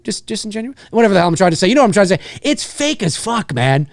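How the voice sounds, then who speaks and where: Animated swearing man ranting, dry mic. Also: high-pitched, brisk, few pauses, dry recording. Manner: animated, swearing, rambling with restarts. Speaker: live show host. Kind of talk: casual profanity-laced rant.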